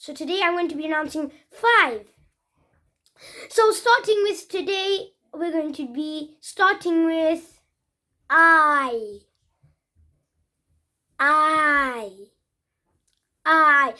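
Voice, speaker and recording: An English child presenting a casual pronunciation lesson, repeating sounds slowly and earnestly, with frequent restarts. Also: female voice, extremely high pitch, pushed and bright. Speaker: pronunciation trainer.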